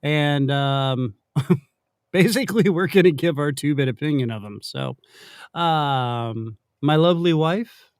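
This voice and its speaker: A man's voice: fairly high pitch, unhurried, clear, resonant tone, no echo, studio quality. A man hosting a casual live stream, joking and rambling with fillers. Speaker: show host. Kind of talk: casual livestream chat.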